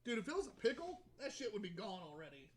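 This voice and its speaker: A man's voice: high-pitched, big pitch swings, fast talker. A man co-hosting a casual podcast, telling a story with swearing and frequent laughs. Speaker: podcast co-host. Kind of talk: casual chat.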